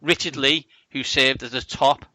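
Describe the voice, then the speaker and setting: A man's voice: medium pitch, fairly even intonation, moderate pace, pushed and bright, no room sound. A man hosting a casual podcast, joking and laughing as he reads odd news stories aloud. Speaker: podcast host.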